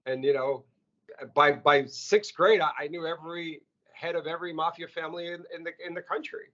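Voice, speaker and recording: Guy telling wild stories in an interview, kinda high voice, stumbles and repeats words, dull recording. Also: fairly quick. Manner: animated, repeats words when excited. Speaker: restaurant CEO, interview guest. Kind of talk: casual storytelling interview. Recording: muffled lo-fi audio.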